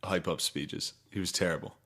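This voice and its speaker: A young man with a low-pitched voice trades crude, laid-back stories with a friend. He talks casually as a podcast co-host, now and then bursting into a yelled impression. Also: steady tone, normal speed. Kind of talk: casual chat.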